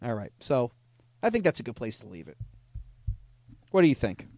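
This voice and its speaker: A man hosting a podcast, casually retelling chat conversations with a deadpan, joking manner. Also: mid-range voice, moderate pace. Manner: deadpan retelling, frequent "I go, she goes". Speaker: podcast host reading scam chats.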